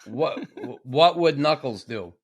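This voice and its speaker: A man's voice: medium pitch, lively intonation, slow pace. Blunt older man with a Boston accent. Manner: blunt, profane, joking. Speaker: podcast host. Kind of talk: casual chat.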